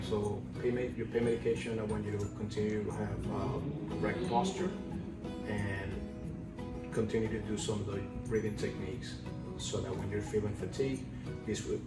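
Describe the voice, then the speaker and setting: Man coaching a patient over loud guitar. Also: lowish voice. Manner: gentle, instructive, frequent "okay?" check-ins and fillers. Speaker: occupational therapy student. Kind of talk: clinical role-play with a patient. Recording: echoey room, mic far off, loud guitar music.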